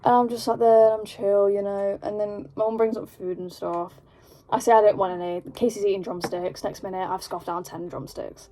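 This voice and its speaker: A young woman with an English accent telling a rambling, animated story at home while doing her makeup, full of "like". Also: mid-range voice, moderate pace, poor audio. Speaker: vlogger. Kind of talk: casual storytime chat.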